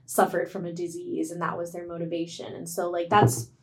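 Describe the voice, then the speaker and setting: A woman's voice: on the low side, monotone, fairly quick, creaky. A woman, a physician co-hosting a podcast, giving frank advice in a casual conversational tone, full of "like" and "you know.". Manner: frank, advisory, frequent fillers like "like" and "you know".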